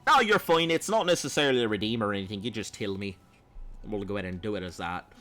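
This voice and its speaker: A male game streamer chats with his viewers in a put-on Australian accent. His voice is bright and forceful. He rambles along in a playful, loose way while he plays. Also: fairly low pitch, lively intonation, quick pace. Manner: rambling, playful, talks to chat. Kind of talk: gameplay livestream chat.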